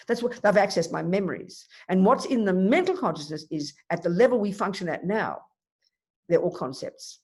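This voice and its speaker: A woman, a Buddhist nun, teaching a dharma talk in an emphatic, animated way with vivid everyday examples. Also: medium pitch, moderate pace, husky. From Australia.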